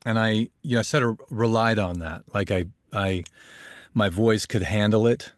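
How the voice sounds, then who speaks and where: A young adult man, a voice actor, chatting in a relaxed, rambling way as an interview guest. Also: fairly low pitch, normal speed, dry recording. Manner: relaxed, rambling, laughs easily. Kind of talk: casual interview chat. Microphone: home studio mic.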